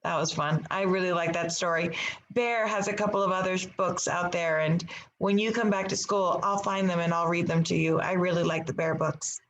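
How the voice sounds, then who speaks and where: A woman teacher reading a picture book aloud to her class, with expressive storybook delivery. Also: lowish voice, normal speed, rough recording.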